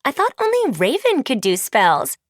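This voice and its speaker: A woman's voice: high-pitched, wildly swooping pitch, normal speed, no room sound, clean studio sound, voice pushed up. A woman reading an audiobook, voicing a sweet teenage vampire girl who talks in a chirpy, gushing way. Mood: bubbly.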